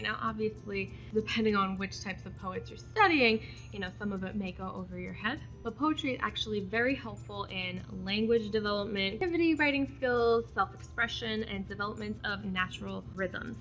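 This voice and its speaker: A woman's voice: mid-range voice, a bit bright. A young woman hosting a casual educational video, chatting through poetic terms and reading out examples. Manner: chatty, explains terms then reads examples aloud. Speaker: poetry video host.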